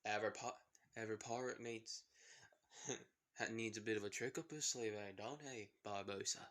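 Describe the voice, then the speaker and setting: A man voicing a sly, cocky male pirate captain in a soft, mumbled British accent. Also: on the low side, steady tone, normal speed, natural voice.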